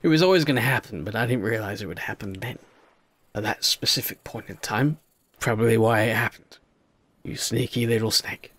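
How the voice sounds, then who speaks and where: A man doing let's-play commentary, chatty and jokey, talking to in-game creatures and swinging between quiet worry and loud excitement. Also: fairly low pitch, a little fast.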